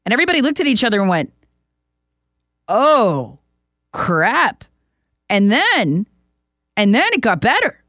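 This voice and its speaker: A woman's voice: on the high side, very animated, fast, fairly bright tone, no echo, clean studio sound. A woman hosting a talk show, delivering an emphatic, opinionated and mocking political monologue. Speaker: talk radio host.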